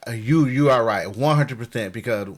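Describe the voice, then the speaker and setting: A man's voice: medium pitch, moderate pace. A man telling loose, easygoing stories as a podcast guest. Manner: easygoing, loose storytelling with fillers. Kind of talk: casual podcast chat.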